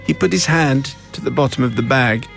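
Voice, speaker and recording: A man's voice: medium pitch, fairly quick, creaky, over music. A man hosting a radio show, reading a listener's letter aloud in a playful, amused, theatrical way. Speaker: radio host. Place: radio studio.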